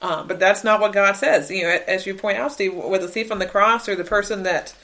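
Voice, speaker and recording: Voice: medium pitch, steady tone, fairly quick, pushed and bright, poor audio. Hesitant conversational podcast co-host. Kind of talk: casual theological discussion.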